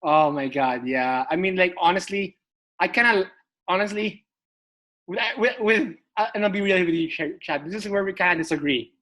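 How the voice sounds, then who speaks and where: A man's voice: high-pitched, moderate pace, sharp tone, low-quality recording. A man co-hosting a podcast in casual chat, rambling with stammered restarts and swearing for emphasis. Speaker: podcast co-host.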